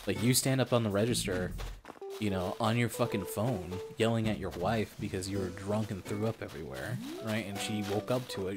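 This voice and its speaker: A man's voice: fairly low pitch, brisk. A young man telling a story from his old job while streaming a game, rambling, swearing a lot and repeating himself. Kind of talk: casual storytelling while gaming. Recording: loud background music.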